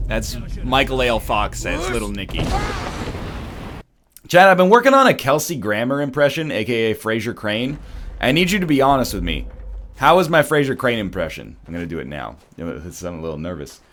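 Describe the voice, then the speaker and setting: A young man talks with his stream audience, animated and rambling. His pitch swings a lot from line to line, and his voice has a bright, forward edge. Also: a little fast. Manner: animated, rambling, tries celebrity impressions. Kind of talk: casual chat while playing a game.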